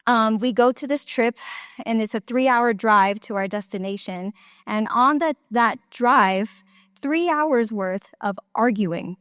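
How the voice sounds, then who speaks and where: A young woman gives a personal testimony at a church conference, speaking casually with lots of fillers and frequent little laughs. Her voice is fairly high and fairly bright, clear and resonant. The studio-quality recording has no echo.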